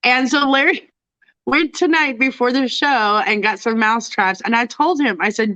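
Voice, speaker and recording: A woman's voice: a little high, moderate pace, pushed and bright, no room sound, lo-fi sound. A woman hosting a casual chat, congested and tired from illness, laughing often and reading out viewer comments. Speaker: host.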